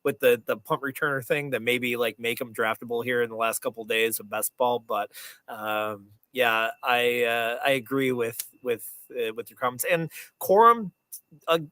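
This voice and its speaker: A man hosts a casual sports podcast. His voice is bright and sits dry and close to the mic. He talks in halting bursts, restarting his sentences often. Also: medium pitch, no room sound. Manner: halting, many restarts and fillers. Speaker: podcast host. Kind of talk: casual fantasy football chat.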